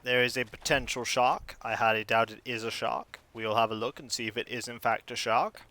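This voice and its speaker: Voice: mid-range voice, fairly even intonation, fairly quick, sharp tone. A streamer giving playful, chatty commentary while playing a cozy life-sim game and reading its text aloud. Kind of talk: casual gameplay commentary.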